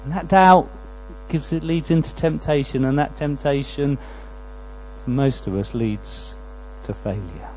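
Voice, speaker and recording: A man preaching a sermon, moving between quiet prayerful lines and loud, pleading passages. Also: medium pitch, a little slow, a little hiss or hum, poor audio.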